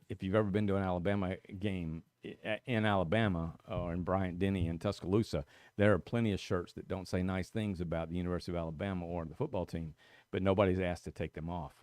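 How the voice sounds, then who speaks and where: Low-voiced middle-aged man rambling. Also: darkish tone. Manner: rambling, many fillers and restarts. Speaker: newspaper live stream host. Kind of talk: casual live-stream commentary.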